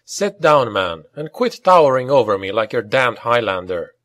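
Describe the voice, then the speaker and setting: A man's voice: medium pitch, very animated, normal speed, fairly bright tone, dry recording, clean studio sound. A man voicing a stern male mercenary colonel who speaks in a hard, level, commanding way in an audiobook reading.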